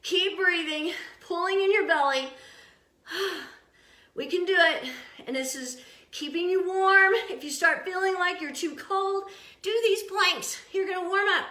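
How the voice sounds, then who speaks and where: Older woman fitness instructor, high and bright, cheerful and encouraging, echoey home room. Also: a little slow. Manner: upbeat, encouraging, laughs often.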